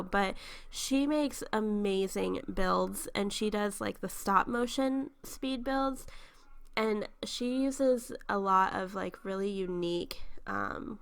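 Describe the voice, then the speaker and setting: Fresh out of bed and stuffy with a sinus infection, a young woman talks over her gameplay while narrating a speed build for YouTube. Her voice is medium in pitch, creaky, and fairly bright, and her chatty delivery is full of ums and small laughs.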